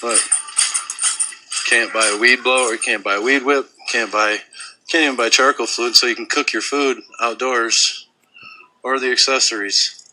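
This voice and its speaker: A man's voice: medium pitch, fairly even intonation, moderate pace, bright, forceful tone, slight background noise, rough recording. A man filming himself inside a store on a phone, ranting furiously and sarcastically, swearing often. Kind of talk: angry ranting phone video.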